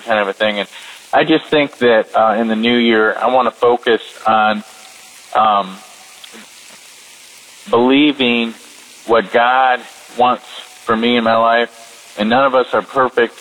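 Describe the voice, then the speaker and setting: A man leaving a casual voicemail to share a personal reflection, speaking softly and hesitantly with many fillers. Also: medium pitch, steady tone, measured pace, long pauses, rough recording. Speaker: caller.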